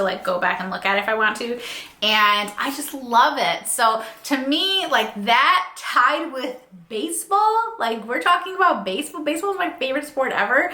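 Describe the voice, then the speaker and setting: A woman's voice: fairly high pitch, echoey room. Chatty young woman reviewing books. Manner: chatty, animated, many fillers. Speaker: book reviewer. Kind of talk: casual book review chat.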